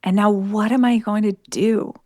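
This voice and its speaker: A woman's voice: mid-range voice, fairly even intonation, moderate pace, a little mellow, no echo, studio quality. A woman co-hosting a reflective podcast conversation, thinking aloud in a contemplative way. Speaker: podcast co-host.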